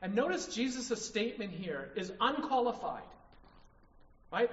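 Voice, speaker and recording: A man's voice: high-pitched, sing-song, measured pace. A man preaching a sermon, emphatic, often checking in with the congregation by asking "right?". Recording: distant, echoey hall, dull sound.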